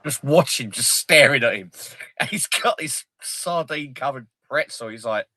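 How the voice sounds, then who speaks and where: Male host, mid-pitched, sweary and jokey, dry close sound. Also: normal speed, no room sound. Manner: sweary, jokey, retells film scenes excitedly. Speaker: livestream host. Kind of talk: casual livestream chat.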